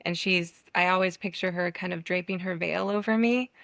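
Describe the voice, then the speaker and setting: A woman's voice: on the low side, fairly even intonation, normal speed, vocal fry, fairly bright tone, no echo. Affirming woman host, close dry mic. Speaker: podcast host. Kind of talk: casual interview chat.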